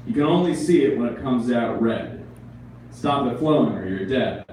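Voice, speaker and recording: Poet, male, mid pitch, reading live with wry asides, recorded from afar in a very echoey room with faint room noise. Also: expressive, moderate pace, a little mellow. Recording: echoey room, mic far off.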